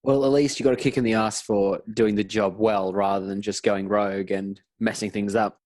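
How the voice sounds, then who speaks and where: An Australian man hosting an interview podcast, framing his questions in a measured, careful way. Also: lowish voice, steady tone, a little mellow, dry recording. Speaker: podcast host.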